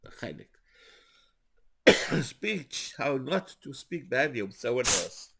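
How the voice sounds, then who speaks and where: An older man, a rabbi, telling stories in a sermon with animated, rising emphasis. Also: medium pitch, takes it slowly, creaky, a little hiss or hum. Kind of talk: storytelling sermon.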